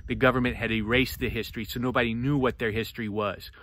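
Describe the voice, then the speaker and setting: Fired-up ranting man, bright forceful voice. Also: steady tone, quick pace, a little hiss or hum. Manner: fervent, preachy, swings between loud and low. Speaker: book reviewer. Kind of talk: impassioned vlog rant.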